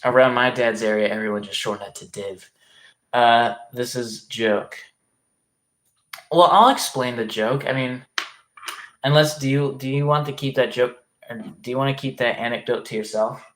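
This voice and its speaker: A man's voice: mid-range voice, moderate pace, fairly bright tone. A man chatting casually on a livestream, reading comments aloud in a rambling, hesitant way and swearing often.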